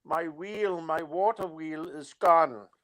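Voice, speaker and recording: Man, Danish native speaker, slow and halting, smooth clear voice, slightly high pitch. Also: fairly bright tone. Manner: halting, repeats words before getting them out. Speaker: guest on a live stream. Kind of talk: casual live-stream chat.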